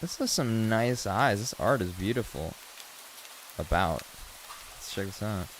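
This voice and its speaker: A young American man ranting in casual live-stream chat, swearing a lot and swinging between loud outbursts and low mutters. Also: animated, measured pace, a little hiss or hum. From United States. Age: young adult.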